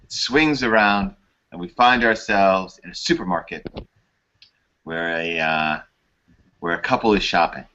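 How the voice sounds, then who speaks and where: A man's voice: low-pitched, a little slow, long pauses, pushed and bright, dull audio. A man hosting an improv show, rambling and chatty as he introduces it over a video call.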